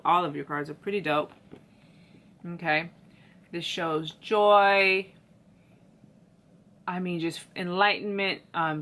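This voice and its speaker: A woman's voice: on the low side, vocal fry, pushed and bright. A woman giving a casual tarot reading, chatty and slangy, talking straight to her viewers. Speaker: tarot reader.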